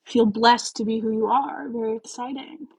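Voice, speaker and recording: Husky, chatty woman hosting a live. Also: a little high, steady tone, normal speed, a little mellow, rough recording. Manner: chatty, rambling, lots of "like" and "um"; giggly, self-deprecating. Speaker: host of a book-chat livestream. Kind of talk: casual livestream chat.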